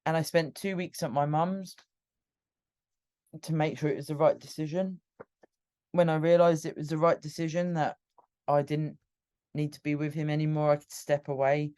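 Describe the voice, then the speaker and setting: A British woman talks through her own story on a solo podcast, candid and emotional, sometimes restarting her sentences. Her voice is warm and mellow rather than bright. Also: sits low, little pitch movement, normal speed, pauses often. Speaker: podcast host. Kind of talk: personal storytelling monologue.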